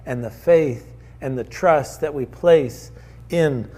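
High-voiced, slow preacher. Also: male voice, mellow. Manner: earnest, conversational, storytelling. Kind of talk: sermon.

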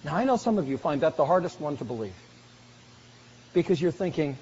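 A man preaching a sermon earnestly, slowing down for emphasis and dropping soft on key phrases. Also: fairly high pitch, sing-song, a little hiss or hum. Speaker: pastor. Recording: dull lo-fi recording in a reverberant hall.

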